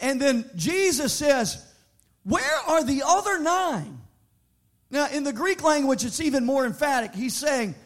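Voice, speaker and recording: A man preaching a sermon, moving from shouted sing-song appeals to quieter, conversational teaching with frequent restarts. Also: very high voice. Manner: repeats words in restarts. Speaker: pastor.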